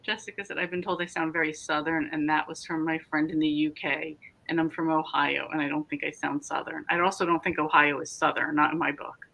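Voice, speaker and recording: A woman's voice: deep voice, level tone, brisk, creaky, sharp tone, poor audio. A woman hosting a casual livestream, chatting and reading out viewer comments. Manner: chatty, reads comments aloud and riffs on them. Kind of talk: casual chat.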